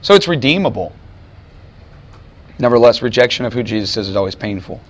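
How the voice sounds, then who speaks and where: With a mid-range voice and lively intonation, a man preaches on a Bible passage. He stresses his teaching through emphatic rhetorical questions and deliberate slowing.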